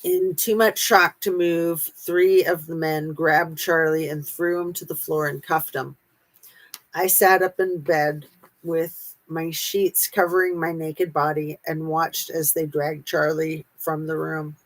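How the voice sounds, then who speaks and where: The audio is poor on this clip of a woman reading from a memoir. She takes it slowly and deliberately in a voice that sits a little low, keeping a steady, unhurried manner broken by small pauses.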